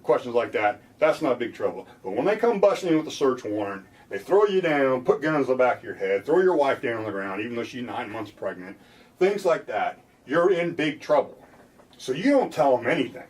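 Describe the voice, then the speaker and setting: A defense lawyer explaining rights in plain talk, now and then mimicking police officers in a loud mocking voice. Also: male voice, mid-range voice, very animated, fairly quick, far from the mic.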